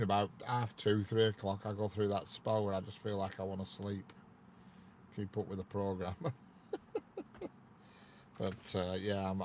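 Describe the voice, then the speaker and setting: A man's voice: lowish voice, a little mellow, a little hiss or hum. Chatty man, lo-fi sound. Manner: chatty, jokey, greets viewers by name. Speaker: livestream host. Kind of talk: casual livestream chat. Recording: dull lo-fi sound, faint ambience.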